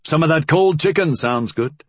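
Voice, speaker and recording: A man voicing a calm, calculating younger brother, talking low and quiet in an audiobook. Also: moderate pace, breathy edge, no echo, exaggerated voice. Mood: quiet, wry. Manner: quiet, low conspiratorial delivery. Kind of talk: audiobook character voice.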